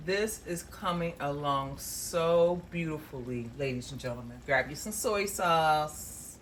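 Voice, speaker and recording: Woman, low voice, homey cooking-show host, chatty and warm to the camera, faint kitchen noise. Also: unhurried. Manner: homey, chatty, addresses viewers as y'all. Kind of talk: casual cooking demonstration. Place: home kitchen.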